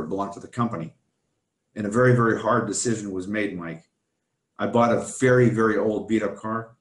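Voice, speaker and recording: A man's voice: on the low side, roomy sound. A man earnestly telling his personal testimony as an interview guest, often turning to the host by name.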